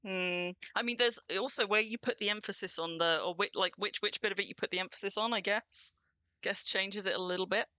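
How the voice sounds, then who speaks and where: Bright, chatty woman streamer. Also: mid-range voice, steady tone, a little fast, dry recording. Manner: chatty and bubbly, greets viewers. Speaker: streamer hosting a game stream. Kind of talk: casual livestream chat.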